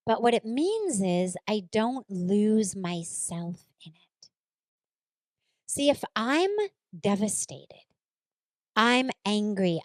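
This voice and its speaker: A woman speaks as a spiritual teacher, unhurried and earnest, her pitch sitting in an ordinary middle range. She leans on repetition to drive her points home. The sound is dry and close, with no room echo. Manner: earnest, repeats phrases for emphasis. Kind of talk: reflective spiritual talk with a personal story.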